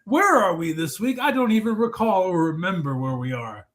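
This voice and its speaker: A man's voice: high-pitched, animated, moderate pace, fairly bright tone. A man calling a wrestling match as play-by-play commentator, rambling and joking with frequent self-corrections.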